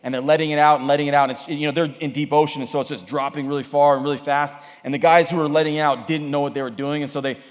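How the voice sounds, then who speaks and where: A man preaching at a youth camp, energetic and conversational, often repeating himself. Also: fairly high pitch, rapid-fire, few pauses. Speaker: camp speaker. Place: camp meeting hall. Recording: echoey hall.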